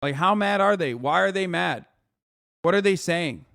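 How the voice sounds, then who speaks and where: In casual live-stream commentary, a male political streamer reacts to the news with profanity, ranting and disbelief. He sounds high-pitched and animated, a bit bright and creaky, at a moderate pace.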